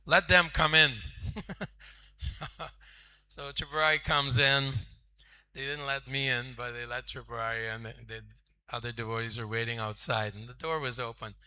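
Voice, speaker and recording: A man's voice: medium pitch, flat delivery, fairly quick, sharp tone, smooth, poor audio. A man in his seventies giving a lecture, telling anecdotes from his own past and often laughing between stories. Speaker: spiritual teacher. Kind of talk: storytelling lecture.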